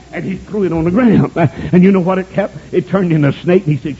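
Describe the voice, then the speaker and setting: Fervent male preacher, high voice, lo-fi church recording with congregation. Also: fairly quick, hardly any pauses, a little hiss or hum. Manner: fervent, shouts praise, folksy storytelling. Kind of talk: sermon.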